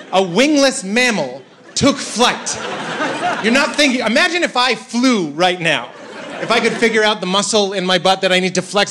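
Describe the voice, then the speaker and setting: A male stand-up comedian performing a set on a club stage, animated, acting out voices and shouting punchlines. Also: high voice. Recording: live club recording with crowd laughter and noise. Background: audience laughing.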